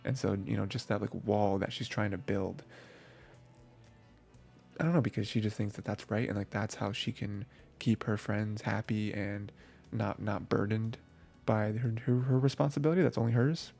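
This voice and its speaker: A man's voice: on the low side, steady tone, moderate pace, creaky, darkish tone, breathy edge, soft background music. A man giving a casual, rambling review of anime episodes, full of fillers and restarts.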